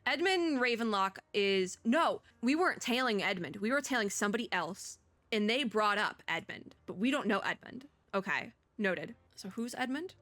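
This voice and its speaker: A woman's voice: medium pitch, expressive, normal speed, a bit bright, no echo. A young woman streamer chatting and joking while reading game dialogue aloud in a let's play. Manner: chatty, joking, laughs often. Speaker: VTuber streamer.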